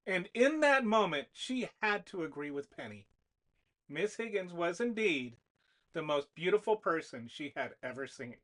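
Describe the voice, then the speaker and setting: An author reading a whiteboard novella aloud as the narrator, in an expressive manner. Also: mid-range voice, a little slow. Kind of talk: storybook narration.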